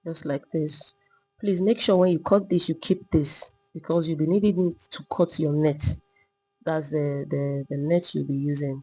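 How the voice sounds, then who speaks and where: A woman teaching a step-by-step sewing tutorial, calmly talking through each move while she drafts and cuts a pattern. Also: sits low, slightly rough, low-quality recording. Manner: patient, repetitive demonstrating, talking while working. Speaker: sewing instructor.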